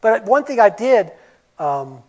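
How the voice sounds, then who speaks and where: A man giving a conference presentation on medical coding, animated and emphatic, with rhetorical questions. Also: high-pitched, takes it slowly. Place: conference room.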